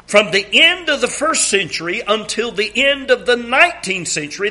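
A man delivering a sermon in a high, bright voice. He speaks slowly and deliberately, reading scripture aloud and pressing the congregation with emphatic rhetorical questions. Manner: reads scripture aloud, asks congregation to read along. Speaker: preacher.

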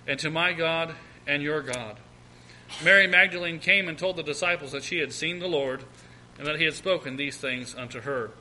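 A man's voice: a little high, bright, forceful tone, low-quality recording. A man preaching a Bible teaching sermon, reading scripture aloud and commenting on it with frequent restarts and repeated words.

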